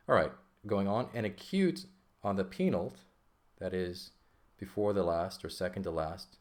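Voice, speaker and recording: A man with a very low voice explains a lesson step by step. He is patient and keeps checking in with his listeners as he goes. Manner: patient, checks in with frequent "okay?" and "right?". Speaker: teacher. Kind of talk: classroom explanation of a textbook.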